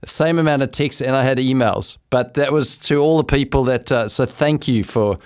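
A man's voice: mid-range voice, moderate pace, smooth. A man with a New Zealand accent, a former cricketer co-hosting a sports show, joking around in casual chat. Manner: jokey, laughing easily.

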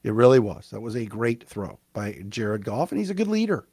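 A man hosting a solo sports talk podcast, recapping a game with emphatic, fan-like commentary and quick asides. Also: fairly low pitch, big pitch swings, a little mellow, breathy edge, no echo, clean studio sound.

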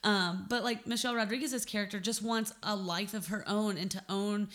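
A woman's voice: medium pitch, steady tone, a bit bright. Chatty woman co-hosting a film podcast. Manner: chatty, quick to correct and add details. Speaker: podcast co-host. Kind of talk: casual film discussion.

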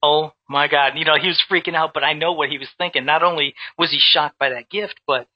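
A man telling a story in casual chat, animated, with many restarts and repeated words. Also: on the high side, fast, no echo, highs cut off. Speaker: guest who makes custom action figures.

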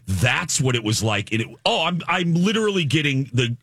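Lively-voiced man in his forties hosting. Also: medium pitch, normal speed, dry recording, clean studio sound. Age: 40s. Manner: animated, self-deprecating, mimics people he meets. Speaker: radio show host. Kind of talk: casual morning-show storytelling. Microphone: studio microphone.

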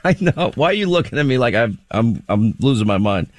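A man's voice: mid-range voice, very animated, a little fast, dry recording. Dry-voiced radio host man, mocking. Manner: mocking, laughs at his own points. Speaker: radio talk show host. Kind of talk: casual political talk radio.

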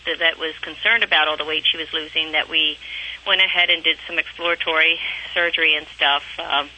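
A woman's voice: low-pitched, fairly even intonation, brisk, sharp tone, a little hiss or hum, rough recording. A woman from Pennsylvania calling a pet radio show over the phone, talking in a friendly, hesitant way and laughing easily. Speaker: caller. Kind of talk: radio call-in.

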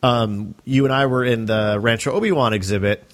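A man's voice: mid-range voice, a little fast. A man co-hosting a podcast, telling a story in an easygoing, considerate casual chat. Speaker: podcast co-host.

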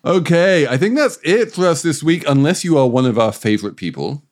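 A man's voice: fairly high pitch, brisk. A man hosting a podcast, chatting playfully and then wrapping up the episode. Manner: animated, playful, lively intonation. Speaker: podcast host. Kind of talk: casual chat and show sign-off.

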